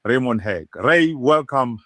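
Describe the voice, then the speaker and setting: A man's voice: medium pitch, lively intonation, a little slow, fairly bright tone, no room sound. A man presenting a show in a played clip, announcing with dramatic, scripted framing.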